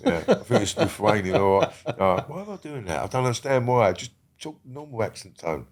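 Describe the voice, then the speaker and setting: A man's voice: lowish voice, big pitch swings, fairly quick. An older man, a guest on a podcast, talking bluntly with constant swearing and rambling restarts. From England. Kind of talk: casual interview talk.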